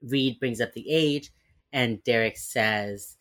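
A woman's voice: extremely low pitch, fairly even intonation, moderate pace, a bit bright. A woman co-hosting a podcast, chatting casually about a TV episode, swearing and animatedly acting out characters' lines. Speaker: podcast co-host. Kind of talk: casual chat recapping a TV episode.

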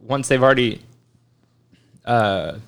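A man's voice: medium pitch, expressive, slow, fairly bright tone, smooth. Male co-host, casual chat; dry teasing delivery, mid-range voice. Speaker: podcast co-host.

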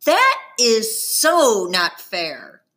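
A woman reading a storybook aloud, voicing an indignant young schoolgirl with shrill, high outbursts. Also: huge pitch swings, drawn-out words, pushed and bright, heavily acted. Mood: outraged.

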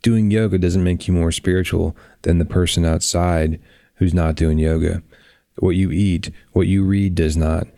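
A man hosting a reflective podcast, talking bluntly and earnestly with drawn-out pauses, on a close microphone. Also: low-pitched, fairly even intonation, creaky, dark tone, no room sound. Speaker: podcast host.

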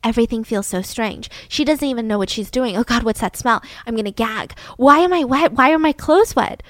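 A bubbly, childlike housewife, played by a woman gushes along in breathless chatter with a fairly high voice. The sound is close and dry, with no room around it, like a story told aloud on a podcast. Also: brisk, no room sound, lightly acted. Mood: panicked.

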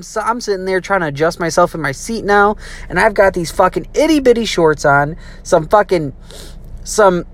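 A young adult telling a childhood story in a casual, profane way. The delivery is animated, with quick shifts into quoted voices. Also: mid-range voice.

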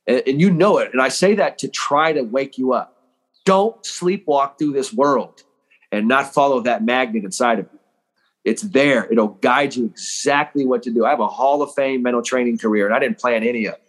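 A man talking about his calling in an emphatic, motivational way. His voice sits at an ordinary pitch for a man. He acts out the people he quotes as he goes. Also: normal speed. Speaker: mental training coach. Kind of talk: motivational interview talk.

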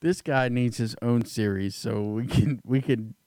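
A man in casual chat, worked up and swearing freely, breaking into laughs as he goes. His voice sits at an ordinary middle pitch and sounds close and dry, with no room around it. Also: unhurried, no echo. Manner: excitable, profane, laughing often. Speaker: podcast co-host.

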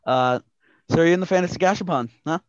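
A man's voice: fairly high pitch, quick pace, clear, resonant tone, no echo, lo-fi sound. A man running a casual tabletop game, narrating with many restarts and mild swearing. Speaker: game master.

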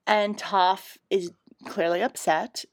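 A woman's voice: mid-range voice, fairly even intonation, slow pace. A woman talks loosely through a cartoon recap on a podcast. Her delivery rambles, she laughs at her own asides, and she keeps cutting herself off to rephrase. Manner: rambling, giggly, self-deprecating. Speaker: podcast co-host recapping an episode. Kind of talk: casual chat.

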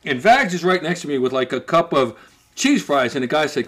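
A man's voice: on the high side, normal speed. A man telling a story to friends in casual, profane chat, acting out what people said. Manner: animated, profane, acts out quoted voices.

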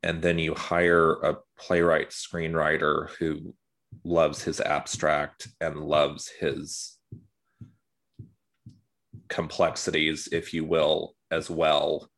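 A man co-hosting a podcast, talking through a film review in a measured way and often repeating words as he thinks. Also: rumbling low, completely flat delivery, a bit bright. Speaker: podcast co-host. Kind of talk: casual film review chat.

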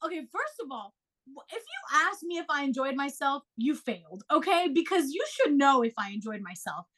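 A young woman co-host telling a story in casual chat, animated and swearing freely as she acts out quotes. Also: sits high, fairly quick.

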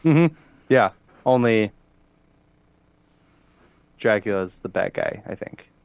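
A man's voice: fairly low pitch, expressive, slow, creaky, no echo, highs cut off. A man co-hosting a podcast in casual chat, talking loosely with many fillers and frequent laughs. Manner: chatty, laughs often, trails off with fillers. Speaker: podcast co-host.

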